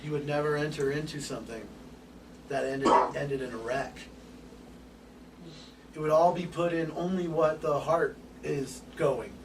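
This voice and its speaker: Man, lecturer, animated, casual, higher voice, distant room mic, hissy recording. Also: unhurried, pauses often, echoey room. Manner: animated, swears casually, acts out little scenes. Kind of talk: open forum lecture. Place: room with an audience. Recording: distant mic with background hiss.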